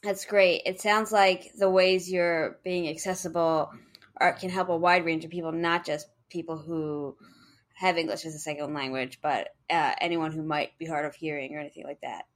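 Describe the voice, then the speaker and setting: A woman interviewing a guest, asking questions and summarizing what she hears in a calm, measured way. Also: deep voice.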